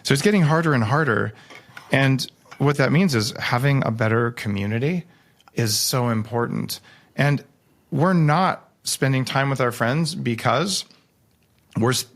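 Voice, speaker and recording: A man, a guest author on a podcast, talking casually with animated, jokey storytelling and sudden jumps in pitch. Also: moderate pace, vocal fry.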